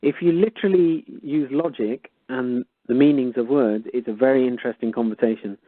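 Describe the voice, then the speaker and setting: Male caller, mid-pitched, wry and incredulous, heard over a thin phone line. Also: a little fast, dry recording. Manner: wry, incredulous, animated retelling. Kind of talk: phone-in storytelling. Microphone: telephone. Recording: tinny dry phone line.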